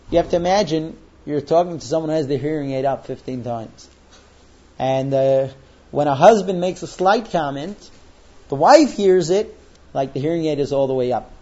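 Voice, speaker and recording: A man gives a lesson to young men in a high, mellow voice. He tells humorous anecdotes and often restarts his sentences. The recording is dull and lo-fi. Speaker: teacher.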